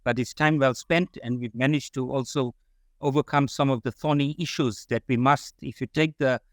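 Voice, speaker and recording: A man's voice: medium pitch, fairly even intonation, moderate pace, dry recording, studio quality. Earnest man giving formal closing remarks. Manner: addresses everyone as comrade, earnest and solemn. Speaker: symposium speaker.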